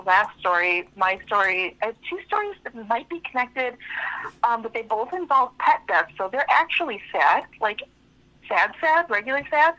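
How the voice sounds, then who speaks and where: A woman's voice: fairly high pitch, big pitch swings, moderate pace, bright, forceful tone. A woman calling in to a radio show, telling a story in a rambling, frank way with lots of fillers. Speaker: caller. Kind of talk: telling a story on a phone call. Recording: tinny phone line.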